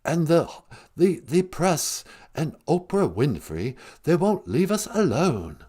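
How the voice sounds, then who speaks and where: A man's voice: on the high side, sing-song, slow, warm tone, slightly rough, pitched below the performer's own voice, full character voice. A man voicing a whiny, self-pitying young English prince in a put-on English accent. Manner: plaintive, whining.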